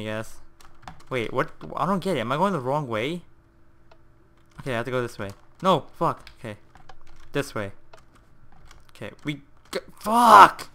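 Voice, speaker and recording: A young man giving live commentary over his own gameplay, excitable and quick to swear when things go wrong. His voice is bright and forward, with a smooth, clean tone. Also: mid-range voice. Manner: excitable, swears often, quick swings into frustrated yelling. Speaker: gaming video host.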